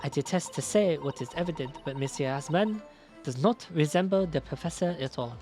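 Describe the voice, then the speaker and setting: A man voicing a middle-aged woman wax sculptor with a halting mock-French delivery. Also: fairly high pitch, sing-song, a little mellow, faint music behind. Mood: haughty. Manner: halting attempt at a French accent.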